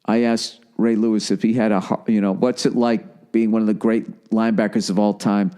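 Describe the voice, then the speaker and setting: A man's voice: normal speed, smooth. A middle-aged man with a Boston accent hosting a podcast, telling a comedic story with swearing and acting out other people. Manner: profane, animated, acts out quoted people in higher voices. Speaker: podcast host.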